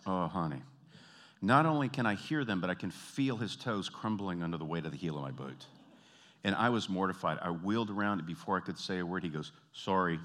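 A man from the American South with a Southern accent, performing an animated stand-up comedy routine. He tells stories and jumps into high, exaggerated voices. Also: quick pace. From Southern United States. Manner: animated storytelling, jumping into high put-on voices.

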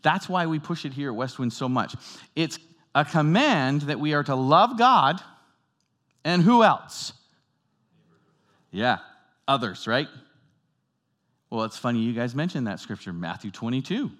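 A man preaching a sermon to his congregation, moving between loud, emphatic lines and quiet, hushed ones, and asking the room questions. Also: medium pitch, animated, unhurried, long pauses. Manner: dynamic, swings from loud emphatic to soft hushed; talks directly to the congregation with questions. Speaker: pastor.

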